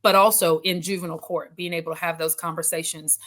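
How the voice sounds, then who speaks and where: A middle-aged woman judge telling stories in a casual interview, animated and acting out what people said. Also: on the low side, fast. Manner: animated storyteller, laughs often, acts out quotes.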